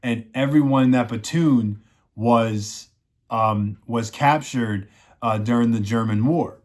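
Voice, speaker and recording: A man's voice: mid-range voice, takes it slowly, darkish tone. A man casually recapping a TV season in a rambling way, full of "you know" fillers. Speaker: show reviewer.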